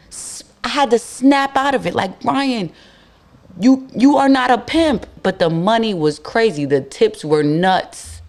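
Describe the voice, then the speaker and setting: A young woman hosting a podcast tells a story in a blunt, slangy, animated way. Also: fairly low pitch. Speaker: podcast host. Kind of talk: casual storytelling monologue.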